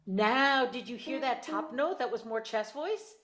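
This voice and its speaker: A woman coaching a singer over a video call, her voice sitting a little high. She explains each small fix patiently and circles back to repeat herself so nothing gets missed. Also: expressive, unhurried, a bit bright. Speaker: voice teacher. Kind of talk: online singing lesson.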